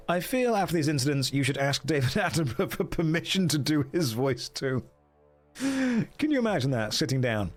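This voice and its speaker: A man's voice: on the high side, sing-song, moderate pace, faint music behind. An English man streaming a gamebook, bantering with chat in a jokey way and laughing often. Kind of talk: casual stream commentary.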